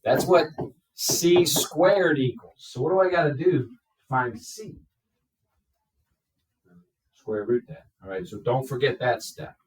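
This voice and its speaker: A man teaching a math class, explaining step by step and checking in with his students. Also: medium pitch. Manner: slow, step-by-step, checks in with "okay?". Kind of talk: classroom lecture. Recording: echoey classroom from far off.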